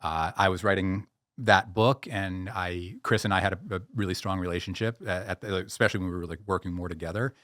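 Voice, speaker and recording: A man being interviewed as a posture expert, telling stories in an animated way with many restarts. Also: low voice, a little fast, dry recording, studio quality. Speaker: guest, posture and pain-relief expert. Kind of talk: podcast interview.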